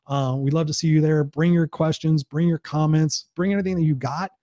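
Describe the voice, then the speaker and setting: A middle-aged motivational speaker hosting a casual livestream, his voice sitting a bit high yet mellow and dark in tone. He talks with energy and emphasis and swears freely. The sound is close and dry. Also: fairly even intonation, brisk, dry recording.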